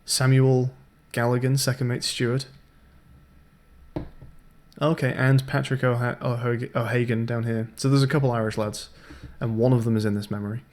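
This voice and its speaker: A man's voice: mid-range voice, little pitch movement, normal speed, a little mellow. Man musing through a puzzle game. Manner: thinking aloud, chatty, hesitant with ums. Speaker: game streamer. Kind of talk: casual let's-play commentary.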